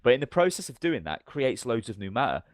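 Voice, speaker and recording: A man's voice: mid-range voice, very animated, fast, no echo, clean studio sound. A man co-hosting a podcast, telling long, rambling stories in casual chat. He swears freely and acts out the lines of the people in his stories. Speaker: podcast co-host.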